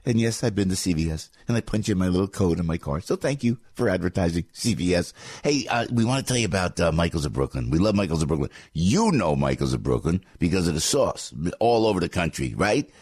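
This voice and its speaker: Male radio host, low and husky, emphatic rambling delivery. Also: animated, fast, a little mellow, dry recording, studio quality. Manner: emphatic, repeats himself, many fillers. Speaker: radio talk show host. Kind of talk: live talk radio, conversational.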